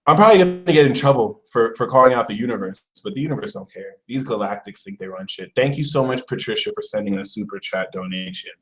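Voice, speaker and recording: A man's voice: lowish voice, fast, few pauses, low-quality recording. Chatty man hosting an astrology stream. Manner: chatty, animated, mock voices for the universe. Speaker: astrology channel host. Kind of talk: casual live-stream talk.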